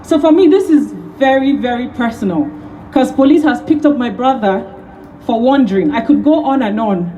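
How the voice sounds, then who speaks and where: A Nigerian woman in her thirties gives an emotional, rousing speech at an outdoor rally, repeating key phrases. Her voice is somewhat high, animated and dark in tone at normal speed, and the audio is poor.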